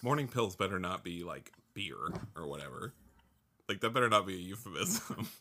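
A man playing a tabletop game, chatting casually and thinking out loud, full of fillers. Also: low voice, animated, moderate pace. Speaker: player.

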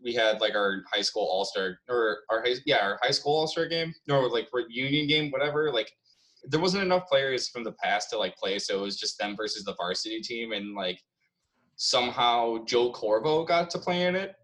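A man's voice: medium pitch, moderate pace, fairly bright tone, rough recording. Young man telling stories with laughs. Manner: swearing, laughing storyteller. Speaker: podcast co-host. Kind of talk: casual chat.

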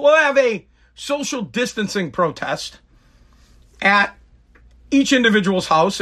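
A man's voice: high-pitched, sharp tone. A man giving a sarcastic political rant to camera, mocking people by putting on exaggerated voices.

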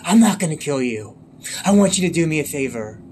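Man doing a cold masked vigilante, deep and threatening, music faint behind. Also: very animated, brisk, darkish tone. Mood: menacing. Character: grim masked male vigilante, cold and menacing.

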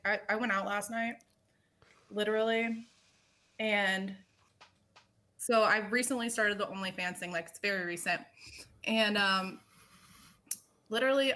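A woman's voice: medium pitch, bright, forceful tone. A woman in her thirties, a podcast guest, telling stories in a chatty, casual way with a lot of "like" fillers. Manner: chatty storytelling with lots of "like". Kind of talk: casual chat.

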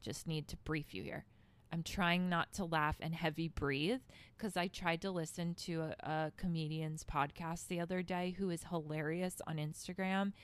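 A woman's voice: sits low, a bit bright, smooth. A woman hosting a podcast and telling a story in a casual, blunt, profane way, with laughing asides into a handheld microphone. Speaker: podcast host. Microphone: handheld microphone held close.

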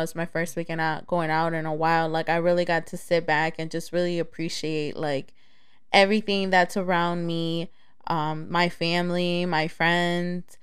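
A woman's voice: fairly low pitch, clean tone. A young woman from the Chicago area hosting her own podcast, chatting casually and candidly, swearing freely and laughing easily. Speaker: podcast host.

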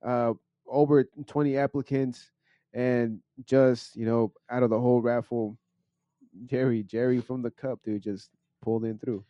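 A man co-hosting a podcast in casual chat, laid-back and high, swearing often and stumbling over his words. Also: little pitch movement, measured pace, no room sound. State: high from smoking. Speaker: podcast co-host. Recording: dull dry lo-fi sound.

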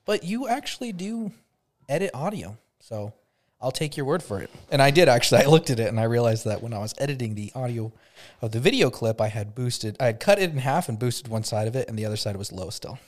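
A man's voice: mid-range voice, expressive, fast talker. A man hosting a podcast in casual chat, joking and teasing his guests and laughing often. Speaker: podcast host. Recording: podcast mic.

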